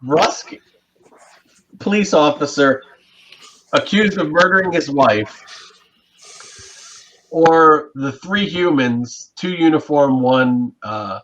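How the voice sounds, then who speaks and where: A man's voice: on the high side, animated, slow, long pauses, a bit bright. A man running a tabletop game as game master, narrating hesitantly with many fillers. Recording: muffled, faint hiss.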